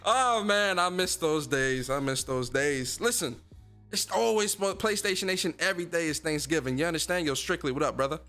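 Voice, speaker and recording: A man hosting a gaming livestream talks to his chat in loose slang, hyped and full of energy. His voice sits a bit high and comes across bright and forceful. Faint music plays behind him. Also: lively intonation, brisk. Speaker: gaming streamer and podcast host.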